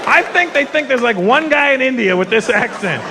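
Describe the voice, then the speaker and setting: A North American man telling stories in a stand-up routine, chatty and animated, with asides to the audience. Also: very high-pitched, normal speed. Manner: conversational, animated storytelling with asides. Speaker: stand-up comedian. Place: theater stage before a live audience. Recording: live recording with loud crowd and room noise.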